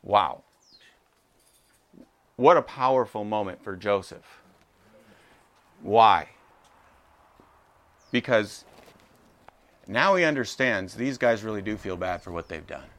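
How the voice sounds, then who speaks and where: A man's voice: lowish voice, slow, long pauses. A man preaching a sermon, reading scripture and acting out the voices of its people with feeling. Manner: expressive, acts out voices of the brothers. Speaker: pastor.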